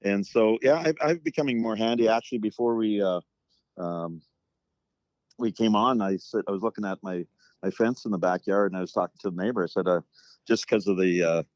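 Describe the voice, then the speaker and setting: A man's voice: lowish voice, brisk, a little mellow, no room sound, dull audio. A middle-aged man and former hockey coach, chatting casually and telling long stories with lots of fillers. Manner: rambling storyteller with many fillers. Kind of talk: casual chat.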